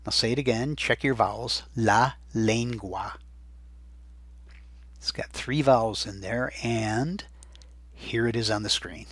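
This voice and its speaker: A man teaching a recorded Spanish vocabulary lesson in a chatty way, saying each word slowly and more than once so students can write it down. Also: medium pitch, fairly bright tone, no echo.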